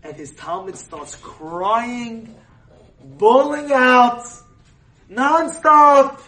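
A man telling a religious story as a sermon, dropping to hushed narration and rising to loud, emotional outbursts. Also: extremely high pitch, drawn-out words. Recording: echoey room, voice from far off.

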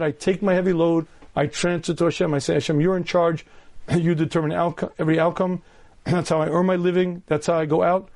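A middle-aged rabbi lectures earnestly on faith and dating, pausing often to clear his throat. His voice sits high for a man. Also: darkish tone. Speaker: rabbi giving a talk.

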